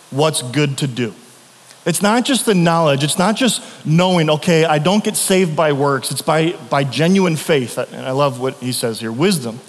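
A man's voice: fairly high pitch, big-room sound. A man preaching a sermon as pastor, telling stories in a loose conversational way with frequent restarts.

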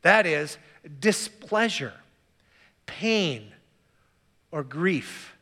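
High-voiced man preaching in a reverberant hall. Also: normal speed. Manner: conversational, animated preaching with repeated restarts. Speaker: pastor. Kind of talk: sermon.

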